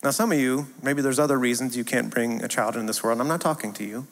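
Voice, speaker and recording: A man in his thirties preaching a sermon, earnest and repetitive, moving from hushed tenderness to emphatic declarations. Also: medium pitch, fairly even intonation, fast talker. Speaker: pastor. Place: church sanctuary. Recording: long hall reverb.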